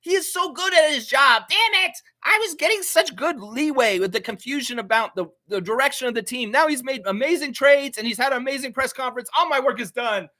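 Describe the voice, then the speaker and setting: A man voicing a scheming, petulant old male tycoon villain with shrill, whiny outbursts. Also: animated, a little fast, few pauses, bright, forceful tone, exaggerated voice. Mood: frustrated.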